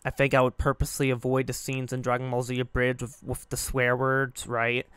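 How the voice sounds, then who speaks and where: A man's voice: mid-range voice, monotone, a little fast, fairly bright tone, clean tone, no echo. Young guy rambling kinda sad, lots of um and like, super clean dry mic. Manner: rambling, hesitant, many fillers. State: grieving, subdued. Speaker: gaming channel host. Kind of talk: casual reflective monologue.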